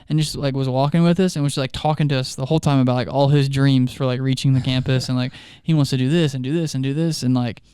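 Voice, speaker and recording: Man, youth ministry co-host, casual podcast chat, smooth clear voice, dry close mic, laughs through his stories. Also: mid-range voice, steady tone, fast, hardly any pauses, dark tone, no echo. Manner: chatty storyteller, laughs often mid-sentence.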